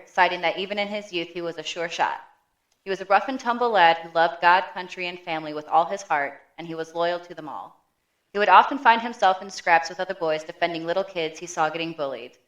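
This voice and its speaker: A woman co-hosting a podcast, narrating a prepared story in a steady manner with dry quips. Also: on the low side. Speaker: podcast co-host. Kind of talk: reading scripted narration.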